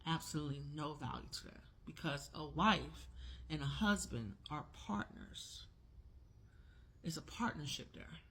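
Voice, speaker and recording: A woman's voice: sits low, lively intonation, a little slow, a bit bright, slight background noise. A woman in her forties speaking in a casual opinion vlog, talking emphatically and repeating her key words. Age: 40s. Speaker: vlogger.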